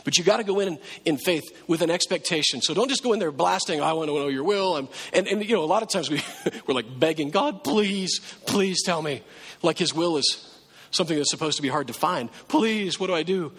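A pastor preaching a sermon in a relaxed, conversational way, now and then acting out pleading prayers. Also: male voice, a little high, quick pace, slightly rough, long reverb tail.

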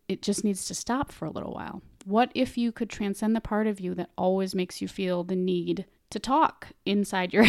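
A woman's voice: mid-range voice, dry recording, clean studio sound. A woman talking casually and earnestly about meditation, chatty, often restarting and repeating words. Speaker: meditation vlogger. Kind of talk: casual explanatory talk.

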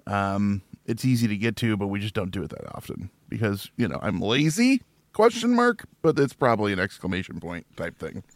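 A man's voice: on the low side, animated, a little fast, few pauses, no echo. A man from Illinois chatting casually on a podcast, joking and rambling with frequent laughs. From Illinois, near Chicago. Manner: jokey, rambling, laughs often.

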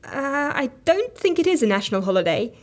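An actress playing an exasperated, straight-laced office worker who speaks in a flustered, incredulous way. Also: female voice, high-pitched, very animated, a little fast.

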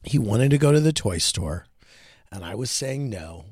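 A man hosting a podcast, chatting casually and telling animated stories about his son. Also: normal speed, husky, dry recording, clean studio sound. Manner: animated storytelling, quoting his son in a higher voice. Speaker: podcast host. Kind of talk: casual chat.

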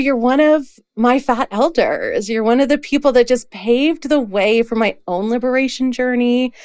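A woman's voice: on the high side, clear, resonant tone, dry recording, clean studio sound. A woman hosting a podcast interview, effusive and gushing about her guest. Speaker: podcast host and coach.

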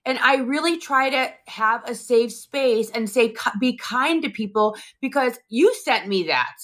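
A middle-aged woman co-hosting a casual live-stream chat, telling stories with animated back-and-forth. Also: a little high, measured pace. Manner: animated storyteller acting out both sides. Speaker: co-host.

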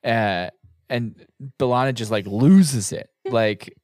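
A man's voice: mid-range voice, slow pace, darkish tone, no room sound, studio quality. A man co-hosting a podcast in casual chat, rambling and hesitant as he retells scenes. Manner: rambling, hesitant, many fillers. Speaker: podcast co-host.

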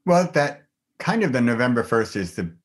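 A man's voice: mid-range voice, very animated, normal speed. A middle-aged man talking as a guest on a podcast in a casual, enthusiastic way, laughing often. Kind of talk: casual conversation.

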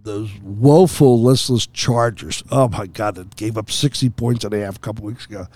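A man's voice: fairly low pitch, a little mellow, no echo. A man co-hosting a casual sports podcast, exasperated and drawing out his points emphatically. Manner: exasperated, drawn-out emphatic delivery. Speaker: podcast co-host.

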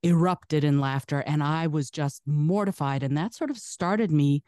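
Low, mellow-voiced woman telling stories. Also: normal speed, no room sound, studio quality. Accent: broadcast American. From Soviet Union. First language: Russian. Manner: animated, laughs often, chatty. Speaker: guest. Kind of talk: casual interview storytelling.

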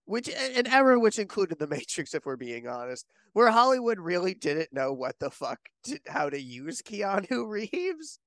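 Smooth-voiced wry male co-host. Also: high-pitched, big pitch swings, moderate pace, hardly any pauses, fairly bright tone, no room sound, clean studio sound. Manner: wry, opinionated, swears casually. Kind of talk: casual movie podcast chat.

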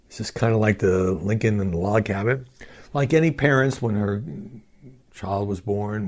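A man's voice: on the low side, normal speed. A man hosting a solo podcast, giving commentary with wry, mocking asides. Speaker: podcast host.

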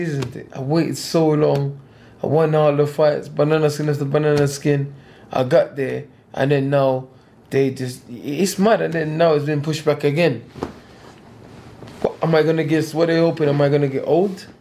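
A man's voice: fairly high pitch, mellow, slight background noise. A man, a boxer talking bluntly and getting heated in an interview, repeating himself. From England. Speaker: professional boxer.

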